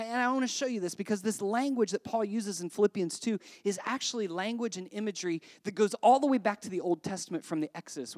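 A woman pastor giving a sermon in a conversational, joking way, full of rhetorical questions and dropping to a hush on scripture. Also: lowish voice, no room sound, clean studio sound.

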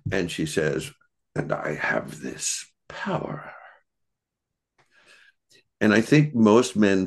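A man talking as a podcast guest in casual conversation, reflective and searching for his words. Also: sits low.

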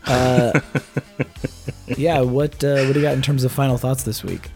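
Raspy hoarse guy hosting a podcast, rambly, keeps restarting. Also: medium pitch, fairly even intonation, a little slow, a little mellow, faint music behind. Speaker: podcast host. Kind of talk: casual chat.

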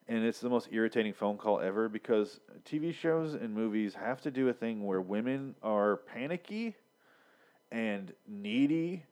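A man's voice: lowish voice, darkish tone. A young man casually recapping a TV episode, rambling and sarcastic with lots of swearing and filler words. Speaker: podcast host reviewing a TV episode.

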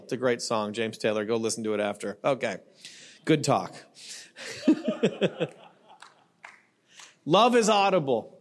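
A man's voice: mid-range voice, animated, normal speed, long pauses. A middle-aged male pastor preaching in a loose, joking, conversational way, often checking in with the congregation. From not Australian. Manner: conversational, joking, frequent "right?" and "you know". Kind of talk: sermon.

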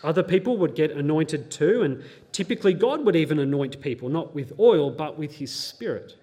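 Earnest man preaching, slightly high voice. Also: a little mellow. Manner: earnest teaching, quotes scripture aloud, light pop-culture asides. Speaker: pastor. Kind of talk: sermon.

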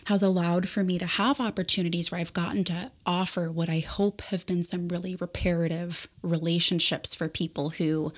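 A young woman with a somewhat low voice talks in a casual podcast conversation. She tells her stories candidly and with animation. She grew up in the Bay Area. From San Francisco Bay Area. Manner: candid, animated storytelling with frequent laughs and fillers. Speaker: therapist guest.

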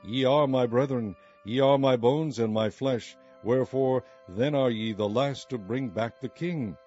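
A man's voice: mid-range voice, measured pace, a little mellow, lightly acted. A man reading a grieving old king. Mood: pleading. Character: grieving old king mourning his son. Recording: muffled recording with faint music.

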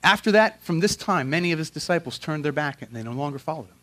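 Slightly high-voiced man preaching with passion. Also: lively intonation, fast. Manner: dramatic, swings from loud emphatic questions to quiet earnest prayer; casual, slangy preaching. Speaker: pastor. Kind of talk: sermon.

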